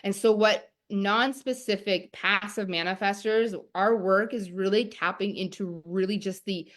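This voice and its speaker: A woman's voice: mid-range voice, fairly even intonation, unhurried. A young woman teaching a live-streamed masterclass, talking in a chatty, enthusiastic way full of "like". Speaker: online course teacher.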